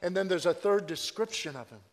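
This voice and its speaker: A man preaching a sermon, swinging between loud proclaiming and hushed, drawn-out asides. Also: sits high, in a large hall.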